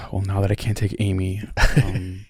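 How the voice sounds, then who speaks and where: A man with a very deep, gravelly voice jokes wryly at his own expense. His voice is close-miked and dry, with nothing behind it. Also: completely flat delivery, moderate pace, mellow, dry recording. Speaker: guest. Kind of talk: casual group chat.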